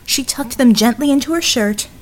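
A woman narrating an audiobook in a measured, scripted style. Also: fairly high pitch.

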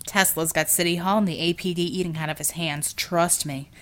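A woman's voice: fairly low pitch, fairly even intonation, a little fast, lightly acted. A woman voicing a cocky, scheming male superhero who talks with brash, teasing salesman patter. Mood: smooth salesman.

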